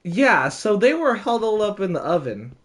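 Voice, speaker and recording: A young man casually telling a story, animated, with frequent laughs and lots of fillers. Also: sits high, moderate pace.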